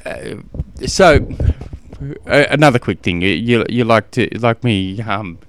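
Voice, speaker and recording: Casual Australian male podcast host, middle-aged, rambling and self-mocking, smooth voice, dry close mic. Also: on the low side, animated, a little slow, a bit bright, no echo. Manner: rambling, self-deprecating, laughs often. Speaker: podcast host, endurance coach. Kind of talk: casual solo podcast chat.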